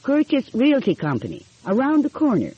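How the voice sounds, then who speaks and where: A woman's voice: on the high side, huge pitch swings, moderate pace, husky, no room sound, muffled recording, pitched above the performer's own voice, full character voice. A woman voicing a friendly older male tailor with an Italian accent and broken English. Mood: hesitant.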